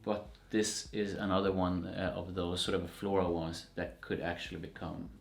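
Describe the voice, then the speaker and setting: Low-voiced man, casual and opinionated, echoey room. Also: moderate pace, creaky. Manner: relaxed, opinionated, hedging with fillers. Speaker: co-host rating fragrances. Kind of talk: casual chat.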